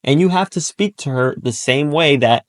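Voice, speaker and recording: A man's voice: fairly high pitch, moderate pace. A man giving a motivational monologue about persuasion, blunt and profane, hammering his points home by repeating them. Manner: blunt and profane, acts out short quoted voices; emphatic, repeats key points. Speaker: self-improvement speaker.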